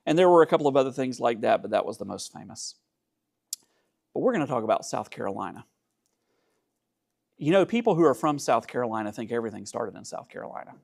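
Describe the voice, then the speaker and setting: Male lecturer from Georgia, mid-pitched, with a gravelly edge, relaxed teaching tone. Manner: conversational, dry asides, frequent "uh" fillers. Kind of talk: church history lecture. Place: church.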